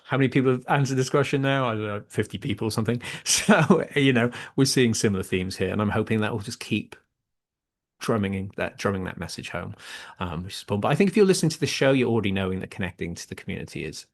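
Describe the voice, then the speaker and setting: Brief: male host, lowish gravelly voice, warm and effusive. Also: lively intonation, quick pace. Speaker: podcast host. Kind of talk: casual podcast interview.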